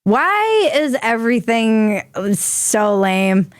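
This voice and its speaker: A woman's voice: a little high, sing-song, drawn-out words, clean tone, no room sound, studio quality. A woman hosting a comedic news commentary show, irreverent and crude in her jokes. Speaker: host.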